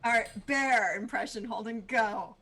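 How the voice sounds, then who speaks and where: A woman's voice: fairly high pitch, measured pace, bright, forceful tone. A woman co-hosting a live comedy stream, chatting in a playful, giggly, self-deprecating way. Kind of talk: casual comedic banter.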